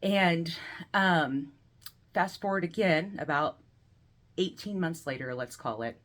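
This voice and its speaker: A woman of around forty on a video call, telling a deeply personal story and acting out the voices in it, moving between laughter and quiet grief. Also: slow, pauses often. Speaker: guest speaker sharing a personal story.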